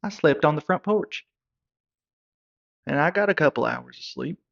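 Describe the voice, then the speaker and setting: A man's voice: fairly high pitch, animated, moderate pace, vocal fry, fairly bright tone. A man, telling a rambling comic story in character with stumbling repeats. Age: 30s. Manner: hillbilly drawl, stumbling repeats. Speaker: comedy character narrator. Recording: dull lo-fi recording.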